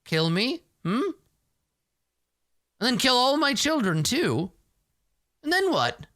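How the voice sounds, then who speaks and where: A man voicing an ancient blind village matriarch who taunts slowly and with menace. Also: very high-pitched, big pitch swings, pushed and bright, no room sound, clean studio sound, voice pushed up, exaggerated voice. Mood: mocking. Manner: taunting, slow and drawn out.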